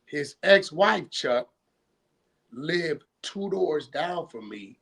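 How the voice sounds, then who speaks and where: A man's voice: fairly high pitch, big pitch swings, drawn-out words, gravelly, a bit bright, breathy edge. A man from California retelling a story in casual streetwise slang, often checking in with "right?" and acting out both sides of old phone calls. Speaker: guest.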